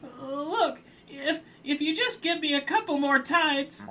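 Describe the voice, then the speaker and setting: A man putting on a jittery young hermit crab, voice pushed up high and squeaky with nerves. A shy game loner, bright-toned over faint hiss. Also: animated, a little slow, distant mic, exaggerated voice. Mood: nervous, pleading.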